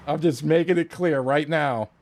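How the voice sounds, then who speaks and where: A man streaming a game, telling a story in a profane, animated way and often laughing at it. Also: a little high, a little hiss or hum. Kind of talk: casual storytelling while playing.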